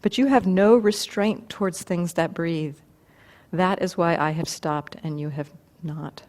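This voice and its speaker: A woman voicing a calm male spiritual teacher who speaks quietly and slowly, in a retold teaching story. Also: on the low side, lightly acted. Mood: serene.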